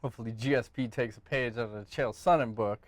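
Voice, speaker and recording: A man's voice: mid-range voice, fast talker, slight background noise. A man co-hosting a casual fight podcast, giving blunt, profane opinions. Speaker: podcast co-host. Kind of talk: casual MMA podcast chat.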